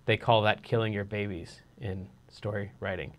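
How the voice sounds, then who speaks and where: A man teaching a casual songwriting lesson, explaining in a relaxed way with lots of fillers. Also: fairly low pitch, normal speed.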